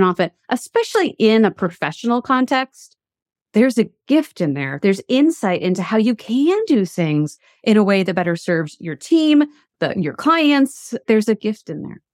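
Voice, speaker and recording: A middle-aged woman, a coach and university teacher, tells a story in a motivational talk with lively asides and restarts. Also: medium pitch, dry recording, clean studio sound.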